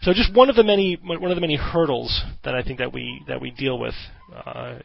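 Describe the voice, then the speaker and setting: A man's voice: medium pitch, fairly quick, vocal fry, husky. A man hosting a podcast, explaining his points in a thoughtful way and correcting himself mid-sentence. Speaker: podcast host. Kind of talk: discussion in a podcast interview. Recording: dull lo-fi audio.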